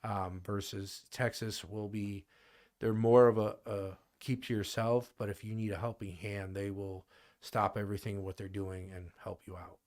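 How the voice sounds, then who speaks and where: A man's voice: fairly low pitch, little pitch movement, moderate pace, a little mellow. A man in his thirties from the Midwest with a Midwestern accent, chatting casually as a podcast guest and rambling with lots of fillers and restarts. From American Midwest. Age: 30s. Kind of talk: casual conversation.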